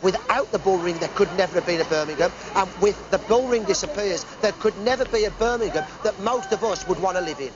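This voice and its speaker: A man's voice: high-pitched, fairly quick, few pauses. A male historian speaking emphatically in a news interview. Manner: emphatic, declarative. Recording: dull outdoor TV audio with crowd.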